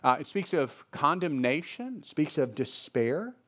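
A man's voice: fairly high pitch, very animated, unhurried, a bit bright. A male pastor preaching a sermon, reading scripture aloud and explaining it, repeating phrases for emphasis.

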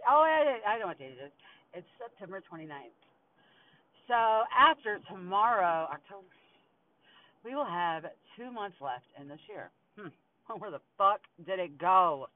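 A woman's voice: on the low side, no room sound. A woman hosting her own podcast, venting casually in an angry, exasperated and profane way, with bitter laughs. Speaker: podcast host. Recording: tinny phone-quality recording with faint hiss.

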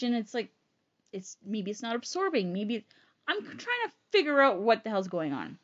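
Frank, swearing woman with a lively voice. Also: mid-range voice, normal speed, muffled recording. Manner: frank and rambling, swears freely. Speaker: storyteller sharing personal illness experience. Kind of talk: casual personal storytelling.

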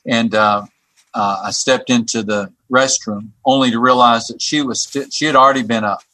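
A man guest tells a personal story at a mid pitch, his words coming in halting bursts full of repeats and restarts. The voice is close and dry, with no room sound around it. He speaks as a member of a church staff. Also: fairly even intonation, bright, forceful tone, no room sound. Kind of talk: telling a personal story on a podcast.

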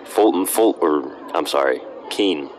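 A man's voice: a bass voice, expressive, a little slow, a little hiss or hum. A young man with a Pittsburgh accent, a podcast guest trading blunt jokes in casual chat. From Pittsburgh, Pennsylvania. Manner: joking, blunt.

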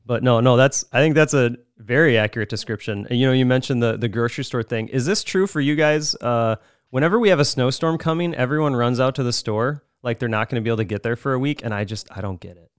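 Smooth-voiced man hosting a podcast. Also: medium pitch, fast, no echo, studio quality. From Minnesota. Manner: chatty, laughs easily. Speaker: podcast host. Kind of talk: casual podcast chat.

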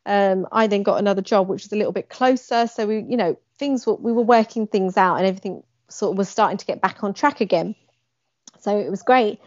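Animated woman telling a story. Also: medium pitch, dry recording. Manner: animated, acts out quoted lines with emphasis. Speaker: guest. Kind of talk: personal storytelling in conversation. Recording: dry, slightly dull lo-fi sound.

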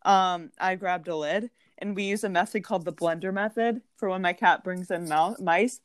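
A woman co-hosting a podcast who tells family stories in a casual, animated way, full of "like", and often acts out the other people's voices. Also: on the low side, moderate pace, dry recording. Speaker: podcast co-host. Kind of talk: casual storytelling chat.

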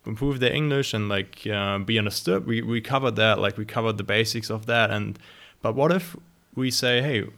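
A man with a German accent and a lowish voice hosts a relaxed podcast conversation. He talks haltingly, with lots of fillers and restarts as he works out his questions. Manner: hesitant, many fillers and restarts.

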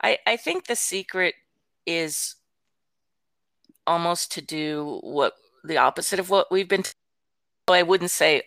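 An older woman with a low, gravelly voice tells a story in a lively, chatty way. She acts out the quotes and laughs lightly now and then. The sound is dry and close. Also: measured pace, long pauses, dry recording. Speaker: guest. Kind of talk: casual storytelling.

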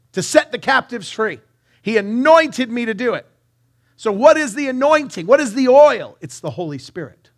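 A man preaches to his church with a high, ringing voice. He jokes with the congregation, calls for answers and sings short snippets of songs, speaking with a bright edge. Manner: lively, banters with the congregation and sings song snippets. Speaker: pastor. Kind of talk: live sermon. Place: church sanctuary.

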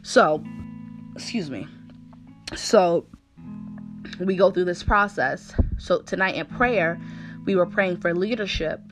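A woman's voice: on the low side, slow pace, pauses often, over music. A woman preaching a sermon with fervor, asking the listeners question after question.

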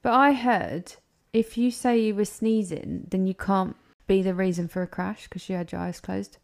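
Young woman with a mid-pitched voice, playful and chatty; casual podcast co-host. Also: steady tone, moderate pace, creaky. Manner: chatty and playful, explains facts. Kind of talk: casual chat, sharing trivia.

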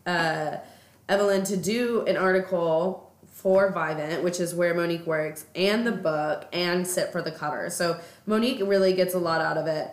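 Woman, lowish voice, podcast co-host, casual book chat, long plot retelling, echoey room. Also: normal speed.

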